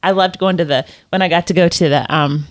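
A middle-aged woman co-hosting a casual podcast chat, animated and giggly as she acts out what her kids said. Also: on the low side, fairly quick, dry recording, studio quality. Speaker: podcast co-host.

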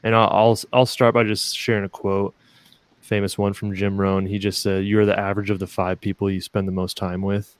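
A man's voice: lowish voice, level tone, brisk, smooth, no echo. A man co-hosting a faith podcast, speaking in an earnest, reflective way. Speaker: podcast co-host. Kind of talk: casual faith chat.

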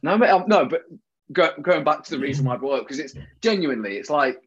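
A man's voice: a little high, animated, fast talker, slightly rough, muffled recording. A man co-hosting a podcast, chatting in a teasing, jokey way and often talking over his co-host. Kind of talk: casual banter.

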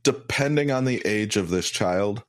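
A man's voice: fairly low pitch, lively intonation, a little slow, dry recording, studio quality. A man co-hosting a podcast in casual chat, blunt and opinionated. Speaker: podcast co-host.

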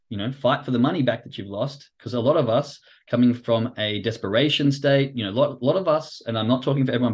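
A man hosting a livestream, explaining trading psychology in casual, animated talk, acting out quoted reactions and swearing casually. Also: medium pitch, husky. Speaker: podcast host and trading coach.

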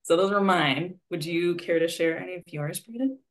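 A woman's voice: fairly low pitch, moderate pace. A woman coaching a conversation about money beliefs, speaking reflectively and prompting with questions between fillers. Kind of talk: guided conversation.

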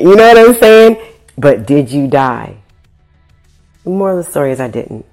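A woman's voice: sits low, sing-song, moderate pace, a little mellow, soft background music. A woman vlogging, telling a story in a casual, slangy way with swearing and acted-out quotes.

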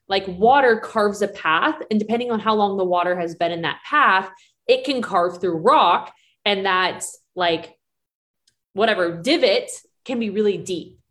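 A woman co-hosting a casual live chat as a breathing coach, talking in animated bursts full of "like" fillers. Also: mid-range voice, a little slow.

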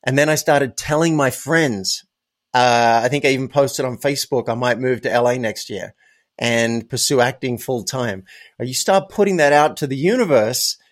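A man's voice: mid-range voice, normal speed. A man speaking as a podcast guest, telling personal anecdotes in an emphatic, conversational way and repeating words to stress them. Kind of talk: casual interview storytelling.

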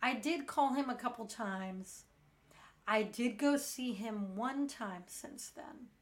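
A middle-aged woman with a voice pitched a little above most women's, hosting a meditation podcast. She tells her own story candidly, earnest and frank, and she does not soften her words. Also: slow pace. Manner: frank and earnest, blunt word choice.

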